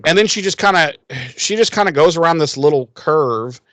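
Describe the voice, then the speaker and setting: A man co-hosting a podcast, casually recapping a TV episode with lots of swearing and lively acted-out quotes. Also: on the high side, a little fast, no echo. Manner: profane, animated, acts out quoted lines. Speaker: podcast co-host.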